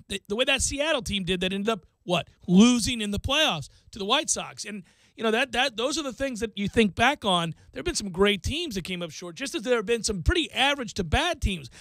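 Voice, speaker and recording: A high-voiced man hosts sports talk radio with no room sound, chatting in a casual, excited way. He reels off baseball stats and jokes around as he goes.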